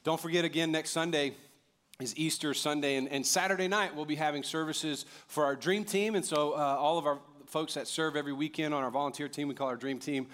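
A pastor in his thirties preaching a sermon, animated and jokey, rising to loud emphatic peaks. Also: a little high, brisk.

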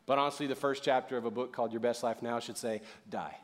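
A middle-aged male pastor preaching a sermon in a lively, conversational way, calling on the audience to respond. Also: mid-range voice, fast. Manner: casual, conversational asides.

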